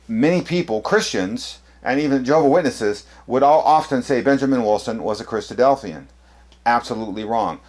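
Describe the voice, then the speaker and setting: A man presenting an apologetics lesson to camera, speaking emphatically with many fillers and restarts as he points through books. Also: fairly low pitch. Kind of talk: lecture showing books to camera.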